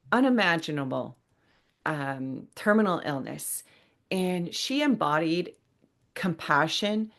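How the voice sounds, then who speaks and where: A woman hosts a podcast in an unscripted solo monologue. Her voice sits a little low, and she talks earnestly and loosely, wandering off on tangents and restarting words as she goes. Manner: earnest, rambling, with many fillers and restarts. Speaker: podcast host.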